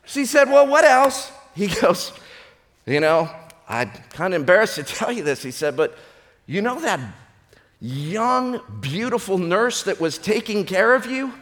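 High-voiced male pastor in an echoing hall. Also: measured pace. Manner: storytelling with a joke, animated voices for characters. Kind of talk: sermon.

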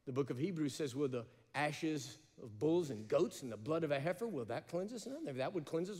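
A man preaching a sermon, passionate, shifting between emphatic raised cries and slow, hushed phrases. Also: a little high, lively intonation, slightly rough. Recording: long reverb of a large hall.

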